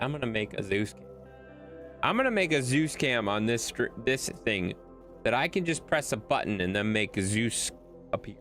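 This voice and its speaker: A man's voice: mid-range voice, sing-song, normal speed, a bit bright, soft background music. A man streaming a game late at night, chatting loosely with viewers and his dog and swearing freely. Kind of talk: casual livestream gameplay commentary.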